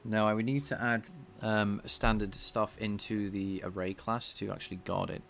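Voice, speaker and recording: A man with a slightly nasal voice, thinking out loud as he codes live and talks to his chat. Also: lowish voice, level tone, normal speed, vocal fry, slight background noise. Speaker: game developer streaming his coding. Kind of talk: casual live-coding chat.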